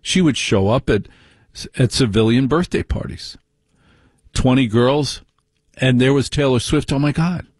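A man's voice: medium pitch, a little slow, pauses often, a little mellow, breathy edge, dry recording, clean studio sound. A man hosting a talk show, delivering an opinionated monologue in a ranting, conversational way full of rhetorical questions.

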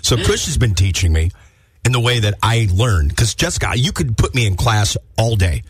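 Husky, animated male radio host, self-deprecating banter. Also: lowish voice, normal speed, no room sound, studio quality. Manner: self-mocking, rambling, laughs often. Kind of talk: radio morning show banter. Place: radio studio.

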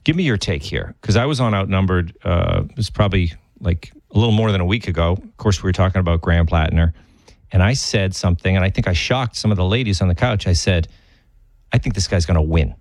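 A man co-hosting a casual political chat, talking in a rambling, animated way that jumps up in pitch when he stresses a point. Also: fast talker, no room sound. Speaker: co-host.

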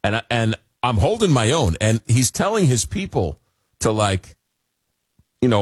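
Animated male talk radio host. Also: mid-range voice, a little slow, breathy edge, no echo, clean studio sound. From Long Island, New York. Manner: rambling, self-deprecating, animated. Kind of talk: casual talk radio storytelling. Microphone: studio microphone.

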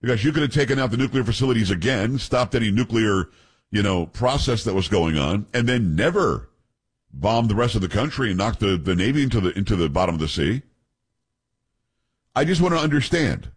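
A man's voice: on the low side, animated, brisk, breathy edge. A man hosting a political call-in radio show, talking emphatically and retelling stories with quoted voices. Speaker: radio talk show host.

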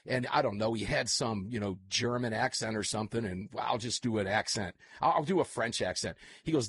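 A man hosting a casual talk show, chatting in a rambling, animated way. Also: medium pitch, slightly rough, no echo. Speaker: show host.

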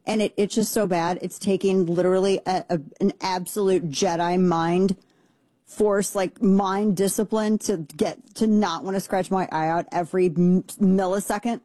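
A woman's voice: mid-range voice, fairly even intonation, moderate pace, dark tone, no room sound. A woman hosting a political talk show, speaking in an emphatic, rambling way with sarcastic asides into a studio mic. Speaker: political commentary host. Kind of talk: casual opinion commentary. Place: home studio in Texas. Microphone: studio mic with headphones.

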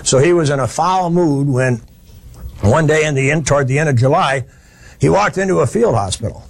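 A man's voice: fairly high pitch, moderate pace, vocal fry, slightly rough. A man giving a history lecture, telling it as a plain-spoken, folksy story with frequent restarts.

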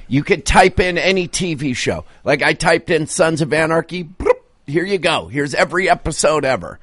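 A man co-hosting a radio show, chatting casually with enthusiastic, animated storytelling. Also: fairly high pitch, normal speed, no room sound. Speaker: radio co-host. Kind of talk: casual banter.

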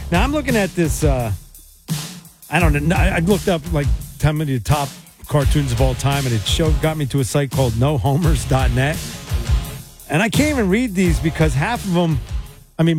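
A man's voice: on the high side, darkish tone, no echo. Rambling radio host man, dry sound. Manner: rambling, hesitant with fillers. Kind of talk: call-in radio talk.

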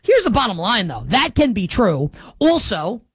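A man hosting a sports talk show, giving opinionated commentary in a sarcastic, emphatic way, with big swings in pitch and pace. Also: wildly swooping pitch, normal speed, a bit bright, husky, no room sound.

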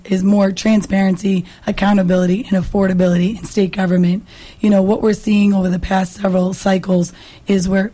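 A hoarse woman from Massachusetts with a raspy voice, a state representative talking earnestly as a guest in a radio interview, with many fillers and restarts. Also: medium pitch, dark tone. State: hoarse, lost her voice.

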